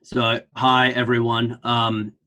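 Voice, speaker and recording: A man's voice: medium pitch, completely flat delivery, slow pace, bright, forceful tone. A man with an Australian accent giving an online lecture in a flippant, joking way.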